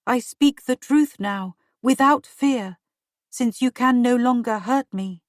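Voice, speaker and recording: A woman's voice: fairly high pitch, dry recording, studio quality. A woman playing a wispy ghostly queen. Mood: accusing. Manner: hushed, wispy, drawn-out. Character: young woman posing as a dead queen's ghost.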